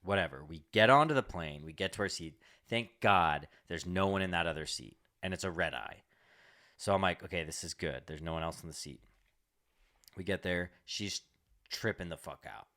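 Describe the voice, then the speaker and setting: Low-voiced young man rambling through a story. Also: normal speed, bright, forceful tone. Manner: rambling, swearing, lots of "like". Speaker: comedian podcast co-host. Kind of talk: casual storytelling chat.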